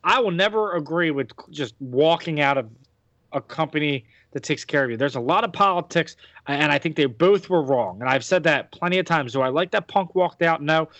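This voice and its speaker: A man with a slightly high voice hosts a loose wrestling chat, rambling through his opinions and swearing now and then. The sound is dry and a little dull, as if from a modest podcast mic. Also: animated, normal speed, a bit bright, no echo. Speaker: podcast host.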